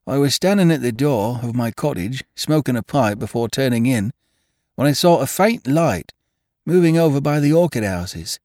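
A man voices a nervous, deferential male gardener, a working man who tells his tale earnestly and uneasily to his employer, respectfully calling others sir. The voice is medium-pitched, animated and a little mellow at a moderate pace, pitched above the performer's own yet close to an everyday voice, in a dry, studio-quality recording.

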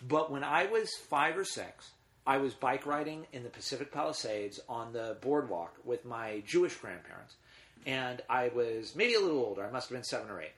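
A middle-aged man chatting as a guest, his voice at an ordinary middle pitch. He tells stories in a loose, rambling way, full of restarts. He turns emotional when a subject touches him. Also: animated, moderate pace, fairly bright tone. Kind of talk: casual conversation.

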